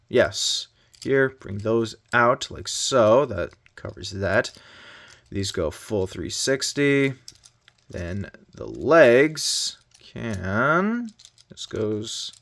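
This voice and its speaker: A man's voice: medium pitch, vocal fry, fairly bright tone. A man from Canada casually reviewing a toy, chatty and joking, with mild exasperated exclamations as he handles it.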